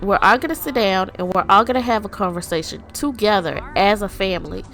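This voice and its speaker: Calm, firm game mom, voiced by a woman in her everyday voice. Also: medium pitch, fairly quick, faint music behind, lightly acted. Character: calm patient mother explaining a family secret.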